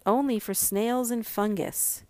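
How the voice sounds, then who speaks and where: A patient, amused mother, read by a woman, calm and lightly teasing. She speaks slowly and evenly. The sound is dry, with no room around it. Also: on the high side, no echo, natural voice.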